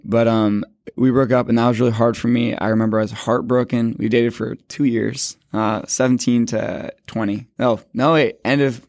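A man's voice: medium pitch, little pitch movement, darkish tone, no room sound, clean studio sound. Rambling young man telling his story. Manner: rambling, heavy use of "like", quick self-corrections. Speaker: speaker sharing a faith testimony. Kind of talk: casual personal storytelling.

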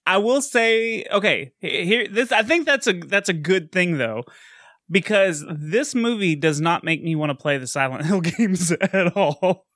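A man with a high, bright voice that swings widely in pitch, chatting about a movie on a podcast. He talks in an animated way, laughs often and restarts his sentences. The recording is dry and close. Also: unhurried, no room sound. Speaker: podcast co-host. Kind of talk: casual movie-review chat.

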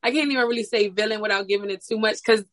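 A woman's voice: medium pitch, racing, fairly bright tone. A woman co-hosting a casual chat, hesitant and repeating herself as she searches for words. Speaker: podcast co-host. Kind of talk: casual chat about TV shows.

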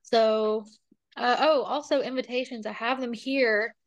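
A young woman chatting casually as an interview guest, telling stories in a lively way with lots of fillers. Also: fairly high pitch, a little slow, muffled recording. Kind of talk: casual chat.

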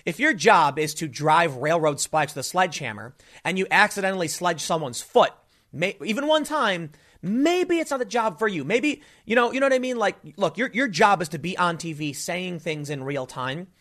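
A man's voice: sits high, lively intonation, moderate pace, a bit bright. A man delivering a casual political opinion monologue to camera, rambling with frequent restarts and fillers. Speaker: political commentator.

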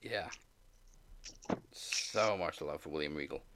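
A man's voice: a bass voice, takes it slowly, sharp tone, slight background noise. A man co-hosting a podcast, steadily recapping the week's events in casual chat. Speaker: podcast co-host.

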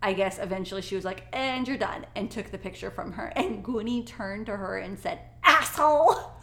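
A woman telling family stories in a lively, animated way during a casual podcast chat, laughing easily. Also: mid-range voice, fairly quick, vocal fry, roomy sound. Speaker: co-host, mother.

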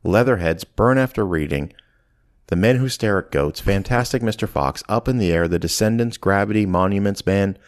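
Man, podcast co-host, very low voice, casual movie chat, animated scene retelling. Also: normal speed. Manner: animated retelling, acts out quoted lines.

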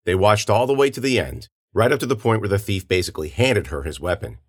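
A man narrating a story in a steady storytelling manner, giving characters their own voices. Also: fairly low pitch, fast, few pauses. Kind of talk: audiobook narration.

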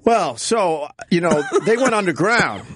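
A man's voice: sits high, sing-song, unhurried, fairly bright tone, breathy edge, dry recording, studio quality. A man in his thirties in casual chat, telling an earnest, rambling story. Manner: earnest, rambling anecdote with restarts.

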